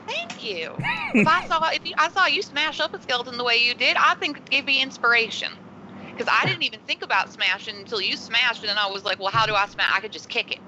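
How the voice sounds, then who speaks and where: Nell, a loud, tipsy adventurer, as a player puts her on, rambling and doubling back in a very bright, sharp voice. This is tabletop game role-play. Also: medium pitch, lively intonation, quick pace, slight background noise, low-quality recording. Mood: chatty.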